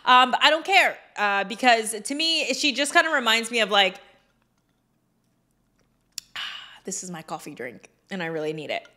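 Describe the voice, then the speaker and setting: A woman giving casual commentary on a vlog, chatty with quick asides and lots of fillers. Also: on the high side, sing-song, bright, forceful tone. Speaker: commentary vlogger.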